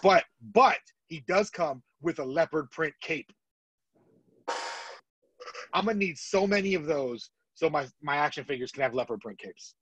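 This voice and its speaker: A man co-hosting a podcast, talking in excitable, jokey bursts in casual chat. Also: a little high, normal speed, slightly rough, no room sound, rough recording. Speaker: podcast co-host.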